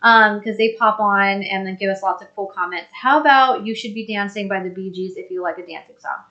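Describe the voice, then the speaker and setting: A woman's voice: medium pitch, fairly quick, pushed and bright, highs cut off. Upbeat chatty woman hosting a live stream. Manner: upbeat, chatty, thinking aloud. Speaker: host. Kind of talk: casual live-stream chat reading viewer comments.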